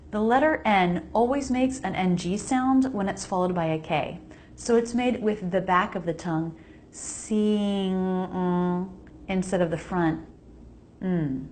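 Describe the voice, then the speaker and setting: An American woman giving a pronunciation lesson, her voice pitched a little low. She speaks slowly and deliberately, modeling each sound and repeating words for the listener to echo. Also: a little mellow, slight background noise. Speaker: pronunciation teacher.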